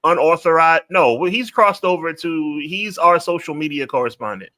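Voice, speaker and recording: A man's voice: a little high, animated, bright, forceful tone. A man co-hosting a wrestling podcast, chatting in a laid-back way and reading viewer comments. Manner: laid-back, quick banter. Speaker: podcast co-host. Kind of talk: casual podcast chat.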